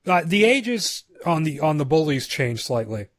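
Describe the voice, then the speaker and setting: This podcast co-host is a man whose fairly high, sing-song voice moves at a moderate pace, recorded cleanly in a studio with no echo. He chats casually and reads screenplay narration aloud, stumbling and adding asides.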